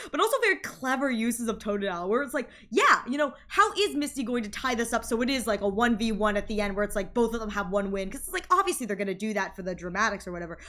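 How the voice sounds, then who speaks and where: Woman, streamer, casual chat, rambling, lots of restarts, bright tone. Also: a little high. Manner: rambling, many restarts and laughs.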